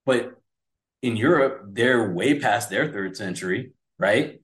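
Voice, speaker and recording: A man's voice: on the low side, slow pace. Man, forties, casual political chat, rambling, roomy echo. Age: 40s. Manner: animated, rambling, acts out voices. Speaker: podcast co-host.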